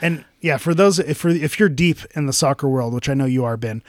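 A man's voice: medium pitch, fairly quick, no room sound, clean studio sound. A man co-hosting a sports podcast, talking in a rambling casual way and laughing often. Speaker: podcast co-host.

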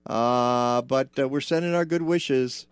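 A man's voice: medium pitch, measured pace, clear, resonant tone, dry recording, soft background music. A man hosting a radio show from a studio, chatting casually and rambling, with plenty of filler.

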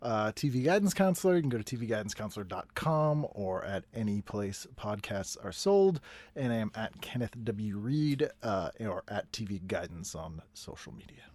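A man's voice: lowish voice, very animated, moderate pace, darkish tone, no echo. Comedian guy, wry and quippy, voice bounces around, dry mic. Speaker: comedian guest. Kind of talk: casual comedic chat.

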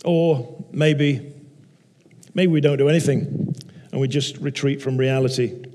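Man, preacher, sermon, slow measured delivery, repeated phrases, long reverberant hall. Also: medium pitch, fairly even intonation, dark tone.

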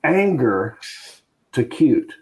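A man's voice: medium pitch, very animated, extremely slow, background noise. A middle-aged man, a comedian guest, telling stories in a loose, rambling way full of fillers. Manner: rambling anecdotal with fillers and restarts. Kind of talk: casual interview storytelling.

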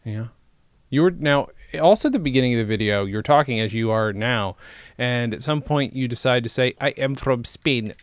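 Anfitrión de podcast con humor seco. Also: male voice, medium pitch, brisk, clear, resonant tone, no room sound. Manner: dry teasing, deadpan asides. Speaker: podcast host. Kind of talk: casual comedic chat.

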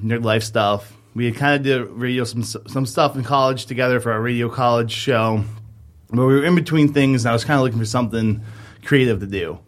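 A man in his thirties, a podcast co-host, telling a long rambling story in casual chat, full of fillers. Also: mid-range voice.

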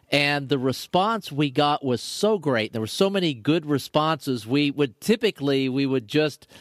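A man's voice: a little high, dry recording, studio quality. A man co-hosting a casual podcast chat, teasing his partner and rambling through restarts. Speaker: podcast co-host.

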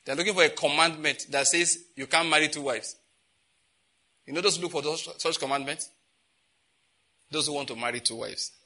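A man's voice: a little high, moderate pace, long pauses, pushed and bright. A man preaching a conversational sermon, laughing often and asking his listeners rhetorical questions. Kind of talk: sermon teaching.

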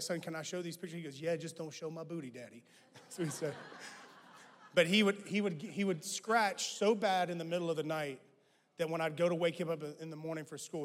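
A man preaching a sermon as guest pastor, who swings from loud emphatic lines to hushed ones. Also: on the high side. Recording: long reverb of a large hall.

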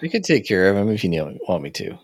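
A man voicing a grave woman who speaks slowly in short, low phrases. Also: sing-song, slightly rough, no room sound, clean studio sound.

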